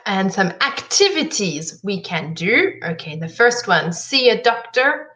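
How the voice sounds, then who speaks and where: Slow-speaking woman English teacher. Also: medium pitch, big pitch swings, sharp tone. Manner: slow, clear, encouraging teacher talk. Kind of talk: live online English lesson.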